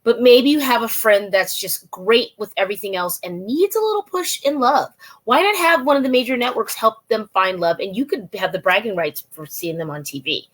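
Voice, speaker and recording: High-voiced, enthusiastic woman host. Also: lively intonation, a little fast, fairly bright tone. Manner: enthusiastic, rambling, exclamatory. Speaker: podcast host. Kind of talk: casual interview chat.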